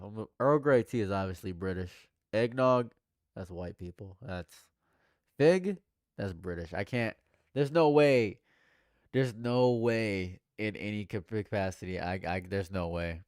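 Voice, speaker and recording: A young man doing live reaction commentary, jumping between loud exclamations and low repeated mutters while bantering with his chat. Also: clean tone, dry recording, clean studio sound. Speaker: livestream commentator.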